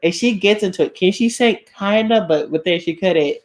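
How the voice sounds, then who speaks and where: A woman's voice: medium pitch, normal speed. A woman co-hosting a casual online chat show, playful and self-conscious, laughing often. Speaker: podcast co-host.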